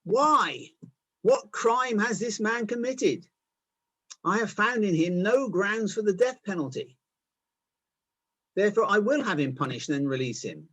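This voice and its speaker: Exasperated roman governor pleading with a mob, read by a man in a higher voice, husky, bouncy. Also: expressive, a little slow, pauses often, a bit bright, full character voice.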